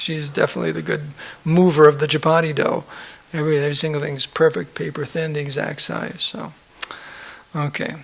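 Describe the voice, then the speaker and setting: A man's voice: a little high, vocal fry, pushed and bright. A man giving a conversational scripture class, mixing reading with joking asides and acted-out quotes. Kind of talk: sermon-style scripture class.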